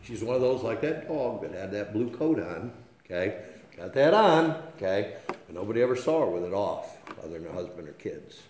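A man's voice: lowish voice, very animated, normal speed, a little mellow, roomy sound, slight background noise. A man preaching a sermon, often checking in with his listeners by asking "okay?", and telling homespun stories. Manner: folksy, storytelling, frequent "okay?" check-ins.

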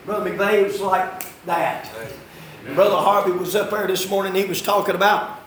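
A man, preaching a fiery sermon as pastor, swinging from shouting to low, quiet asides. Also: steady tone, normal speed, a little hiss or hum. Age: 50s. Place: church sanctuary. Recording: echoey room, heard from a distance.

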